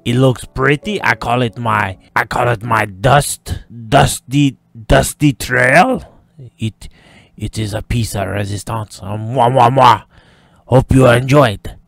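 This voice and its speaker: A man's voice: medium pitch, slow pace, vocal fry, no echo, clean studio sound. A man voicing a pompous male artist who grandly shows off his painting. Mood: grandiose. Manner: grandiose, blows chef's kisses.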